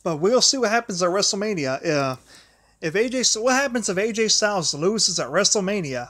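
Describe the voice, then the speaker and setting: A man's voice: high voice, sing-song, a little fast, fairly bright tone, no room sound, clean studio sound. A young man hosting a solo livestream, rambling and often restarting his sentences. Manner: grumbles at a failing charger mid-talk. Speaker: livestream host.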